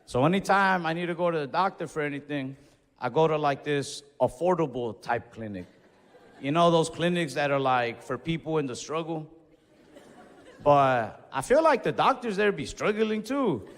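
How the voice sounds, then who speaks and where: A young man doing a stand-up comedy set, telling stories in a laid-back, deadpan way with quick asides. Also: a little high, creaky. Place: comedy club stage. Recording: reverberant club hall with faint crowd noise.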